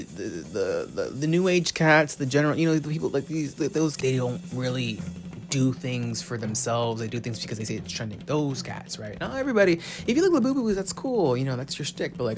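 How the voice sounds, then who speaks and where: A young man ranting through a casual pop-culture commentary, theatrical and profane, swinging between muttering asides and loud outbursts. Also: medium pitch, fairly quick, background noise. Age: young adult. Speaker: commentary vlogger.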